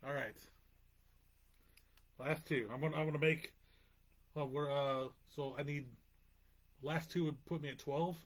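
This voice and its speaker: A man with a slightly high, husky voice plays along as a quiz contestant. He thinks out loud and jokes at his own expense in relaxed banter. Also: measured pace, long pauses. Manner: playful, self-deprecating, thinks aloud. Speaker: podcast co-host, quiz contestant. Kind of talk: casual banter.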